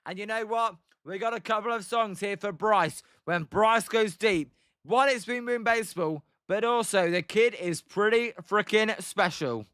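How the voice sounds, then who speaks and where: A man with a British accent giving excitable live play-by-play commentary as a streamer, greeting viewers and chatting between pitches. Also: a little slow, clean tone. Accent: British English. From Britain. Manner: chatty, excitable, greets viewers and reads chat mid-call.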